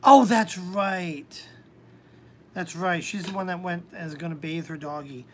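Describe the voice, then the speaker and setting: A woman hosting a live-stream tarot reading, talking hesitantly with many pauses and ums. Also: deep voice, fairly even intonation, slight background noise.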